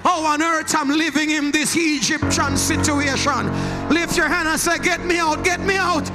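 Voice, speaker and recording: A man preaching a shouted sermon, chanting and calling out to the congregation, at times speaking in tongues, in a church. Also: very high-pitched, steady tone, moderate pace. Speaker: pastor. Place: church sanctuary. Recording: preaching over loud church music.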